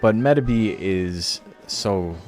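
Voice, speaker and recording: A man's voice: on the low side, animated, slow pace, a little mellow, faint music behind. A man streaming a game tournament, chatting casually and rambling in a laid-back way, swearing now and then.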